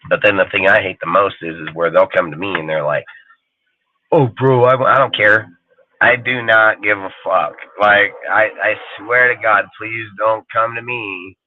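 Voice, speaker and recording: On a profane live stream, a lowish-voiced male host rages and curses constantly while imitating others' voices to mock them. His audio is dry and thin, with a phone-like tinniness.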